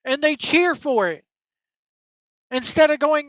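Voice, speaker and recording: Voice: high voice, lively intonation, takes it slowly, no echo. A wrestling podcast host on an angry, profane opinion rant, blunt and heated. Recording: dull lo-fi dry recording.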